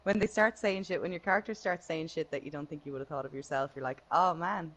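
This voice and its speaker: A woman co-hosting a podcast in casual chat, chatty and quick to laugh, swearing casually. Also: deep voice, lively intonation, low-quality recording. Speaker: podcast co-host.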